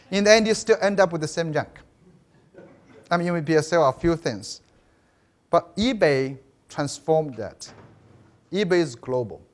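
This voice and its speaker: Lively high-voiced man giving a lecture. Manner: lively storytelling, asks the audience "right?", frequent restarts. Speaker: education professor giving a keynote. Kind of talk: conference lecture. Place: conference hall.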